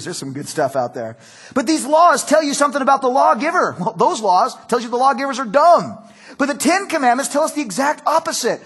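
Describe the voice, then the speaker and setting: A man's voice: extremely high pitch, fairly bright tone, breathy edge. A middle-aged male pastor preaching a sermon in a conversational, storytelling way. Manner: conversational, storytelling with acted quotes.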